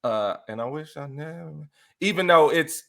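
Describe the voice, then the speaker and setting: A young man chatting casually as a podcast guest, animated, often laughing and breaking into bits of song. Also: fairly high pitch, normal speed, gravelly. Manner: animated, exclaims and sings snippets, laughs often.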